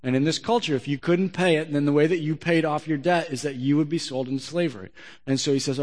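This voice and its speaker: A male pastor delivers a sermon conversationally, frequently putting questions to the audience. His voice is a little high and he speaks fast, with the long reverb of a large hall around him.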